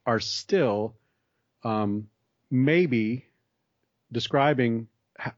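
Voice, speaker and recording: A man's voice: mid-range voice, darkish tone, no room sound. A man in a conversation, explaining ideas at length in a thoughtful way with frequent restarts. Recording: dry, slightly dull sound.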